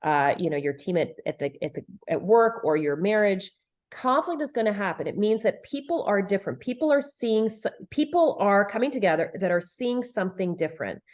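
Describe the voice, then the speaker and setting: A woman's voice: medium pitch, expressive, brisk, a little mellow. Emphatic middle-aged woman explaining. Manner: earnest and emphatic, repeats phrases for stress, acts out quoted lines. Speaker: guest, leadership and relationship expert. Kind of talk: conversational podcast interview.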